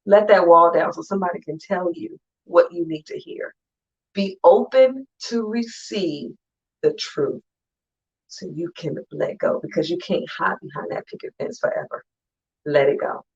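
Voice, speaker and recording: Low, emphatic woman speaker, conversational motivational talk, dull lo-fi audio. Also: animated. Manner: conversational and emphatic, acting out friends in quick asides. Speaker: conference speaker. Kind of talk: motivational talk to an online audience.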